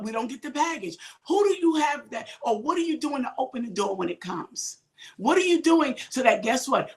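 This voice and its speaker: High pitched woman preacher, lots of questions, shouts out loud now and then. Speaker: minister and show host. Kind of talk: preaching talk show.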